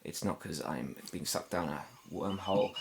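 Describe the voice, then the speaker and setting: A man's voice: low voice, normal speed, a little hiss or hum. A man with a southern English accent chatting as a comedian guest on a podcast, rambling and joking with lots of fillers, sometimes drifting off the mic. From Ireland. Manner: rambling, jokey, many fillers. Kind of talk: casual podcast chat. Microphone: moves off mic at times.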